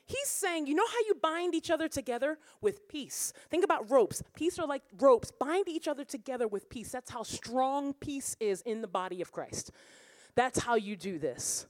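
A woman worship pastor preaching a lively sermon, laughing and breaking into song now and then. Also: high-pitched, normal speed, no echo. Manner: animated preaching, bursts of laughter, sings lines. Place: church or conference room.

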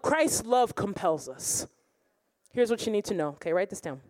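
A woman worship pastor preaching a lively sermon, laughing and breaking into song now and then. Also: medium pitch, moderate pace, no room sound. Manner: animated preaching, bursts of laughter, sings lines. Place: church or conference room.

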